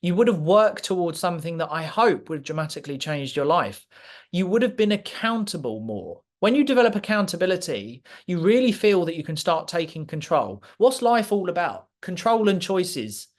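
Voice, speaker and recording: Passionate man, slightly high voice. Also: big pitch swings, normal speed. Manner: direct, emphatic, passionate; speaks clearly and with authority. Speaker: guest speaker. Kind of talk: motivational masterclass talk to a live audience.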